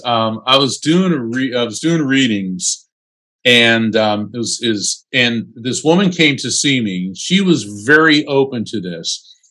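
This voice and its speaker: Chatty male psychic telling stories. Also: medium pitch. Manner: animated, chatty, with frequent "um" fillers. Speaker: psychic medium and attorney, interview guest. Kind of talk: casual conversational storytelling.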